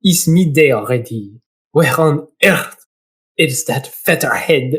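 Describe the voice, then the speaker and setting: A man voicing a dutiful, proper bird assistant in a let's play, reading the lines in a lowered, earnest tone. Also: lively intonation, slow, a bit bright.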